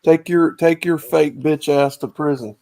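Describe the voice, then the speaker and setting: A man's voice: fairly high pitch, fairly even intonation, measured pace, warm tone. A man on a casual stream who keeps repeating blunt, crude remarks. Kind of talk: casual chat.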